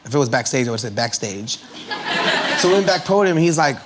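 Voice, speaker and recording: A man's voice: mid-range voice, animated, quick pace, noisy background. A man in casual chat on a television studio talk show, telling stories in a laid-back, playful, slangy way. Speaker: chat show guest, musician.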